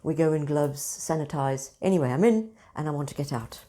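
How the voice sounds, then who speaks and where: A woman, hosting and telling everyday stories in a casual, expressive monologue. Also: deep voice, brisk, slight background noise. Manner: animated, expressive storyteller. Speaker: spiritual centre host.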